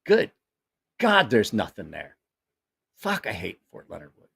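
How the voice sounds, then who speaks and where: A middle-aged livestream host chats casually with his live audience from home, with family nearby. His voice is fairly low, slightly rough, with vocal fry and a slightly slow pace. He's an animated storyteller, rambling through tales full of swearing and laughter.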